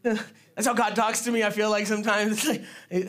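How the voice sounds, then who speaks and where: A man's voice: very high voice, measured pace, bright, forceful tone. Guy preaching in church, super casual, jokes about himself, laughs a lot. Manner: casual, self-deprecating, laughs often. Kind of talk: informal sermon. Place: church sanctuary.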